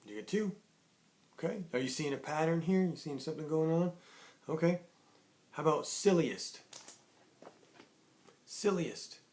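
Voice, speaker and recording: A man teaching young children in an online lesson, cheerful and patient, slowly sounding out words. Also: a little high, darkish tone. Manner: cheerful, sings a greeting song, slow clear sounding out of words.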